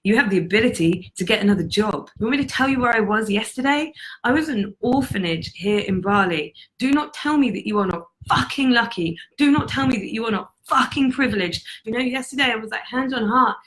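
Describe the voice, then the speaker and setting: A woman's voice: fairly high pitch, animated, a little fast, fairly bright tone, poor audio. Blunt, swearing woman life coach. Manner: blunt, profane, emphatic. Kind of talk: motivational talk to camera. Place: on retreat in Bali.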